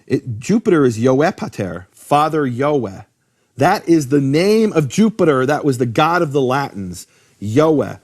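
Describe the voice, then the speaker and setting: A man teaching in a conversational lecture about biblical names, animated, posing rhetorical questions and often restarting his sentences. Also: medium pitch, moderate pace, husky. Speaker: Bible teacher explaining Hebrew names.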